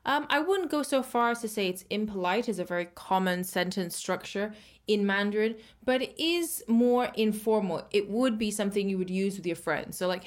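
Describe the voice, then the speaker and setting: Brief: woman teacher-host, mid pitch, casual lesson chat, slow careful modeling of example words. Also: animated. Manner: slows down and stretches Mandarin words for learners.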